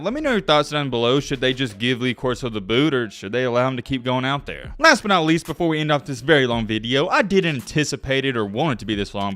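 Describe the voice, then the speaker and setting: A man's voice: medium pitch, a bit bright, no room sound. A young man giving a blunt, heated, mocking rant as a sports commentary YouTuber. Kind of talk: opinionated solo rant.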